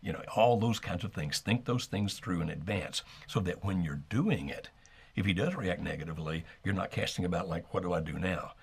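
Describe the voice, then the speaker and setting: A middle-aged man co-hosting an advice talk, speaking in a measured, steady way and modeling calm phrasing. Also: low voice, gravelly, husky. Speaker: co-host giving relationship advice.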